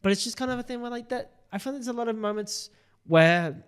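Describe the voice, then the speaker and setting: A man's voice: extremely high pitch, fairly quick, smooth. A young man co-hosting a casual TV review chat, rambling with many fillers and sounding frustrated. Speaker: podcast co-host reviewing a TV episode.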